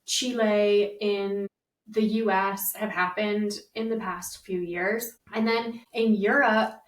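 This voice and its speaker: A young woman co-hosting a podcast in a lively, chatty way, full of casual fillers. She sits a little back from the mic, and the room adds a noticeable echo. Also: mid-range voice, slow. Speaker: podcast co-host. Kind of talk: casual chat. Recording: roomy, slightly distant mic.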